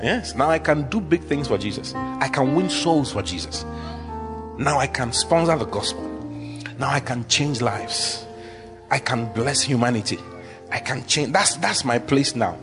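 A man's voice: mid-range voice, lively intonation, unhurried, music in the background. A man preaching a sermon with emphatic, repetitive declarations, leading the congregation in call-and-response.

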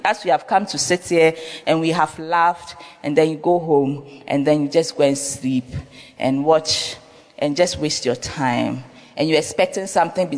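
Preacher in an echoing hall. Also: medium pitch. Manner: emphatic, repeats phrases, asks rhetorical questions. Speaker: pastor. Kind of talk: sermon. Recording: long reverb of a large hall.

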